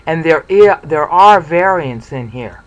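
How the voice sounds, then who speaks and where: Presenter, mid-range voice, casual lecture, excitable, volume rises and fades. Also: medium pitch, a little slow, low-quality recording. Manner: excitable, lively, thinks aloud. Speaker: Bible study presenter. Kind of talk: informal screen-share lecture.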